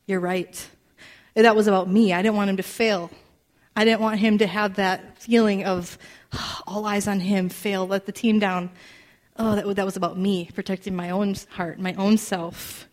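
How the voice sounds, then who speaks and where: A woman in her thirties preaching with an animated, storytelling delivery, laughing often and acting out quoted voices. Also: medium pitch, unhurried, pauses often. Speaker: speaker. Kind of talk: storytelling sermon.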